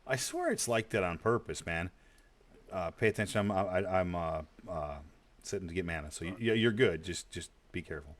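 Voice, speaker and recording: A man's voice: sits low, normal speed. A man streaming an online game, chatting casually with a teammate, stammering and repeating words and swearing offhand. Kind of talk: casual gaming chat.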